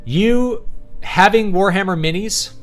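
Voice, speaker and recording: A man's voice: high voice, slow, faint music behind. A man hosting a casual commentary monologue, opinionated and often checking in with "right?" after his points. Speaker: host.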